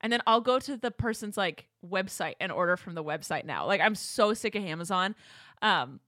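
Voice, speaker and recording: A woman hosting a casual chat show with her mother, ranting in an animated way and laughing often. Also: mid-range voice, moderate pace, dry recording, clean studio sound. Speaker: host. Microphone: studio microphone.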